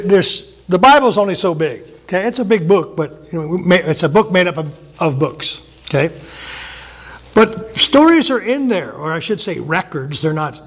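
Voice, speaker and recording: A man preaching a sermon in a casual, folksy way, acting out the people in the Bible stories with quick voices. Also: high-pitched. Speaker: pastor.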